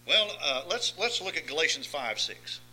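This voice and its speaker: Man preaching, high voice, very bright and sharp, folksy, swings from soft asides to loud emphatic lines. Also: big pitch swings, normal speed, slight background noise, rough recording. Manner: folksy, asks listeners if they follow. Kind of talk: sermon.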